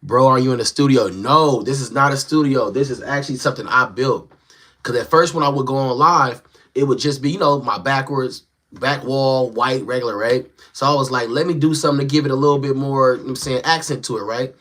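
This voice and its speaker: A young man chatting casually on a live stream from a small home setup, reading and answering viewer comments in a relaxed, slangy way. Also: medium pitch, brisk. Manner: laid-back, slangy, talks straight to viewers. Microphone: phone.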